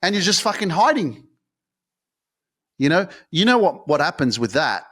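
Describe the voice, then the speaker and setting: A man hosting a motivational podcast, talking intensely and swearing often, swinging from shouts to hushed tones. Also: on the high side, sing-song, normal speed, husky. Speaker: podcast host.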